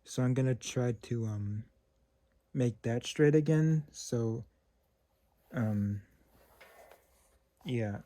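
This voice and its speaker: A man unboxing an old fan in a casual vlog at home. He talks in a halting, sentimental way and checks in with whoever is filming. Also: medium pitch, mellow. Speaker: vintage fan collector. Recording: noisy home recording.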